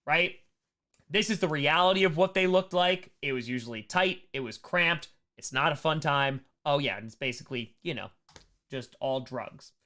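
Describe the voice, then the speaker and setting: Animated, jokey male history teacher. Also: fairly high pitch. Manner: animated and jokey, with sarcastic asides and quick mock dialogue. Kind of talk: live-streamed history lesson with chat Q&A.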